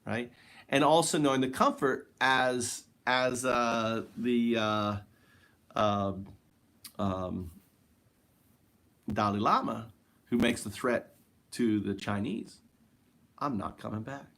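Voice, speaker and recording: A man hosting a casual spiritual monologue, rambling and searching for words with many fillers, drifting quieter and slower at times. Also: medium pitch. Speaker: host.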